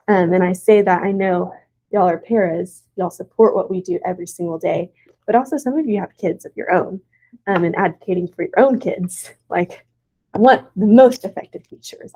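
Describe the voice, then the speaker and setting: A woman's voice: on the low side, creaky, warm tone, slightly rough, rough recording. A young woman teacher giving a casual presentation to teaching aides, with plenty of "um"s along the way. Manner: casual, with many "um"s and "y'all".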